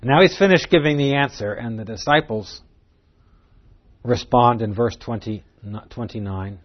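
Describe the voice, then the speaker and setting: An earnest man gives an expository Bible lesson, leaning on key words and putting rhetorical questions to his audience. His voice sits at an ordinary middle pitch. The recording is dull and lo-fi, with the top end rolled off. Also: normal speed. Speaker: Bible teacher.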